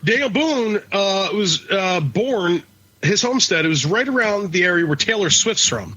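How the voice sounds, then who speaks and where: A man's voice: high voice, animated, normal speed, pushed and bright. A man in his thirties from Philadelphia with a faint Philly accent, chatting crudely and animatedly as a podcast co-host. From Philadelphia, USA. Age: 30s. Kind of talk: casual chat. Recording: dull lo-fi podcast audio.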